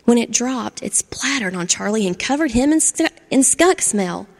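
A woman reading a children's storybook aloud with expressive narration. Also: on the high side, normal speed, gravelly. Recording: long hall reverb.

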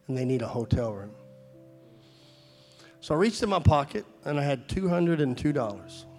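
A man's voice: a little high, vocal fry, a little mellow. A man preaching a sermon at a church service, telling a story and then pleading fervently with his listeners.

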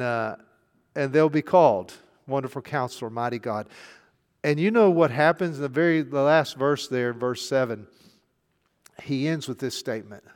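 A man preaching a sermon as pastor at a church service, impassioned, building to fervent, near-shouted peaks. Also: on the high side, long reverb tail. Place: church sanctuary during a service.

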